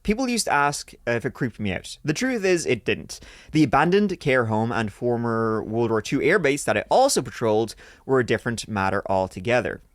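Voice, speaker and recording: His medium-pitched voice swings widely in pitch while he speaks at normal speed, hosting a podcast where he reads listener stories and interrupts with crude jokes between passages. The casual banter has clean studio sound and no room sound.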